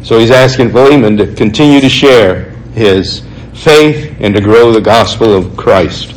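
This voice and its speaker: A man preaching a sermon, reading scripture passages aloud and explaining them in an earnest, conversational way, slowing down to stress key points. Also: lowish voice, low-quality recording. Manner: earnest, conversational, slows for emphasis.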